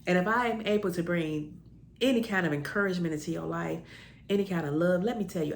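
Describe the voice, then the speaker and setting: A woman's voice: lowish voice, fast talker, gravelly, a little hiss or hum. A woman with talk giving heartfelt spiritual encouragement to listeners, calling them honey and baby. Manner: emotional, tearing up with joy. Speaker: spiritual self-help podcaster.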